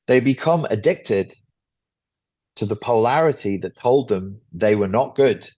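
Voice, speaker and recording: A man's voice: fairly low pitch, lively intonation, measured pace, darkish tone. A man, a guest author, explaining a psychology topic in an interview in a blunt, lecture-like way, swearing freely.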